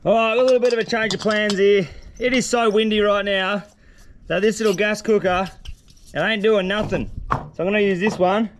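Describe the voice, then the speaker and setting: A man's voice: high voice, steady tone, moderate pace. A young Australian man chatting casually to camera in laid-back slang by a windy roadside. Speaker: outdoor vlogger. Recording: outdoor wind and passing traffic noise.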